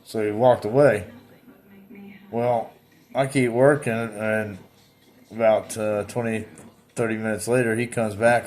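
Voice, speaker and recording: A man vlogging, telling a story in a blunt, plainspoken way and acting out his own replies. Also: on the low side. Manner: animated, reenacts his own replies with repeated "I said". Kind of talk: casual storytelling.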